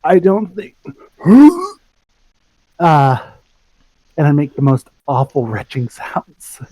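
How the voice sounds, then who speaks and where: A man's voice: fairly high pitch, lively intonation, unhurried, a little mellow, dry recording, poor audio. A man speaking as a player in a tabletop role-play, casual and hesitant.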